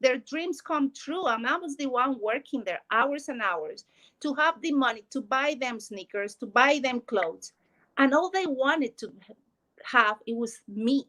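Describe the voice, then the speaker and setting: A woman's voice: high voice, a bit bright, rough recording. A woman, telling a heartfelt personal story about work and family. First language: Spanish. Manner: earnest, emotional storytelling. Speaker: guest. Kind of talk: personal testimony.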